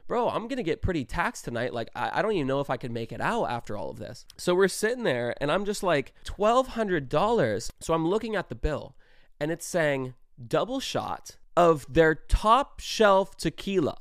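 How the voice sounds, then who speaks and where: A young man in his twenties telling a story in a casual, animated way, swearing often and stressing his words. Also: on the high side, no room sound, studio quality. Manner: animated, profane, emphatic storytelling.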